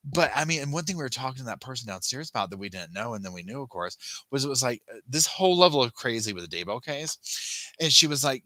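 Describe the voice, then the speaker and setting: A man's voice: medium pitch, big pitch swings, quick pace, bright, forceful tone, no echo. A man hosting a casual live chat, rambling and restarting his sentences as he thanks viewers by name. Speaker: livestream host.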